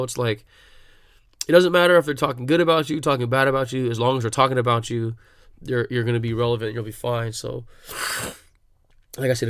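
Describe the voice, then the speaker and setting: A man's voice: medium pitch, dry recording, clean studio sound. A young man hosting a solo podcast, talking casually in a rambling way, full of fillers, restarts and swearing. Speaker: podcast host.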